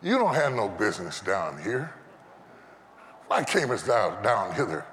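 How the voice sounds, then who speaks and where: A man voicing an angry, scornful older brother who scolds his younger sibling, dropping his voice low. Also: big pitch swings, measured pace, fairly bright tone, a little hiss or hum. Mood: scolding. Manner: resentful, scolding.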